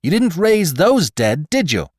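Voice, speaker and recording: An actor voicing a calm, logical, reasonable man who explains things earnestly in a storybook reading. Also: on the high side, unhurried, slightly rough, dry recording, studio quality, pitched above the performer's own voice, heavily acted. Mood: insistent.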